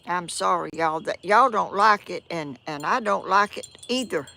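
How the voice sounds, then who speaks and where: A woman's voice: fairly low pitch, expressive, moderate pace, creaky, bright, forceful tone. An older woman from Georgia with a Southern accent, chatting in a rambling, apologetic way to viewers of her live stream outdoors on a breezy morning, talking into a phone or tablet on a tripod. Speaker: vlog host. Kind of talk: casual live-stream chat.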